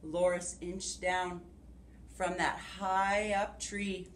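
A woman preschool teacher leading circle time and reading a storybook aloud, giving gentle, encouraging instructions to young children. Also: fairly low pitch, flat delivery, extremely slow, recorded from a distance. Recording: echoey room with faint background hiss.

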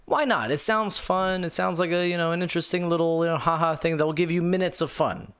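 A man's voice: fairly high pitch, quick pace, fairly bright tone, clean tone. A male gaming show host ranting live, sarcastic and incredulous, rambling through restarts and reading viewer comments aloud. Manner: rambling with many restarts and fillers. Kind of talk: live-streamed gaming rant.

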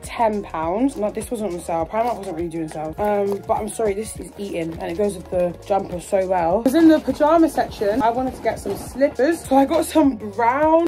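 A woman's voice: mid-range voice, darkish tone. A teenage girl from England chatting casually and bubbly through a shopping haul vlog. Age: teens. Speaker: vlogger. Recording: faint music in the background.

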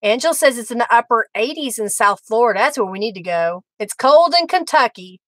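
High-voiced chatty woman. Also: lively intonation, brisk, fairly bright tone, no echo, low-quality recording. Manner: chatty, laughs often between sentences. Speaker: craft livestream host. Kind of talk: casual live craft demo chat.

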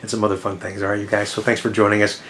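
A man hosting a car vlog at a dealership, chatting in an enthusiastic, casual way with quick asides. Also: fairly low pitch, completely flat delivery, heavy background noise. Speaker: Corvette salesman and channel host.

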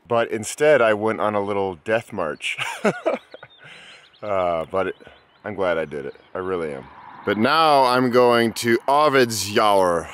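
A man's voice: mid-range voice, clear, resonant tone, no room sound. A man chatting upbeat and casual to camera outdoors on a bike trip, laughing often. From United States. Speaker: bikepacking vlogger. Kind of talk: casual travel vlog to camera. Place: outdoors on country roads.

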